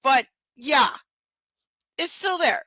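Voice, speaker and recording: A tired woman reading a novel aloud on a live stream, breaking off to chat bluntly and sardonically, with plenty of swearing. Her voice is high and bright, recorded close and dry. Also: expressive, slow, no room sound. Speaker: live stream book reader.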